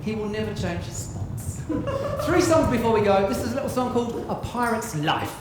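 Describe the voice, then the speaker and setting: A man's voice: high voice, big pitch swings, normal speed. A man playing a boisterous pirate captain on a theatre stage, singing and reciting rhyming verse to a live audience. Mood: rowdy singalong. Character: boisterous old-time pirate captain, male. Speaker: solo stage performer. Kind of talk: live theatre show with songs and poems. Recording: echoey live theatre with music.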